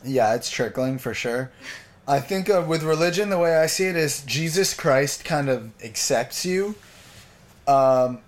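A man co-hosting a podcast in casual chat, playful, with deadpan jokes and easy laughter. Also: a little high, unhurried. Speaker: podcast co-host.

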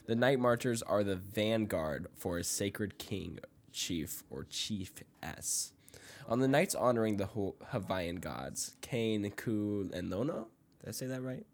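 Young male podcast host, lowish voice, reads a ghost tale from notes and trips over names. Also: lively intonation, unhurried. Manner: reads from notes, stumbles over Hawaiian names, laughs often. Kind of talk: reading a ghost story aloud, casual chat.

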